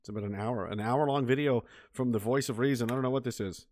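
A man hosting a casual livestream and reading out viewer chat, sarcastic and profane, laughing often and swinging between low mutters and loud outbursts. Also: fast talker.

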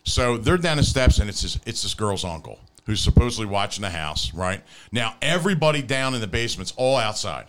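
A man's voice: on the low side, big pitch swings, brisk, few pauses. A man hosting a podcast, telling a rambling story with fillers and frequent laughs. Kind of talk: casual chat.

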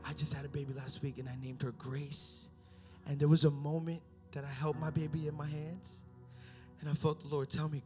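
A young man preaching a sermon, telling stories and building up to shouted climaxes. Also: fairly high pitch, level tone, brisk, over music.

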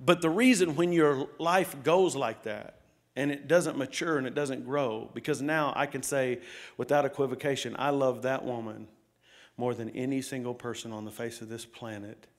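At a moderate pace and in a mid-range voice, a middle-aged pastor delivers a sermon. He tells stories, asks his congregation questions, and swings between loud outbursts and hushed asides.

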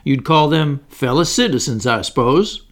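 A man's voice: a little high, animated, normal speed. A man reading the part of a blunt, scoffing plantation owner.

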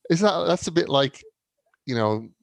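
A man's voice: on the high side, animated, normal speed, gravelly, no room sound. A middle-aged man co-hosting a casual talk, wry and jokey, laughing often. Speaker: co-host. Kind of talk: casual chat.

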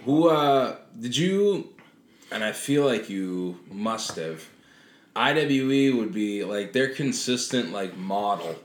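A man hosting a podcast interview, casually prompting his guest and reminiscing along with him. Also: fairly low pitch. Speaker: podcast host. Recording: roomy echo.

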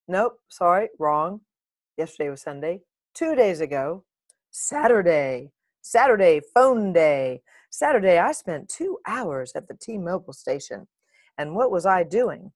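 A middle-aged woman vlogger talks straight to camera in a casual monologue, using a lowish voice and speaking a little slowly. Her story is lively and animated, full of asides and the odd playful swear word. The recording is close and dry, with no room sound or echo.

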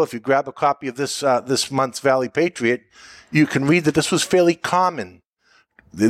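A middle-aged man, a military veteran, answering interview questions and telling stories in a measured way, often pausing with "uh". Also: mid-range voice, no echo. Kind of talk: relaxed interview answers, storytelling.

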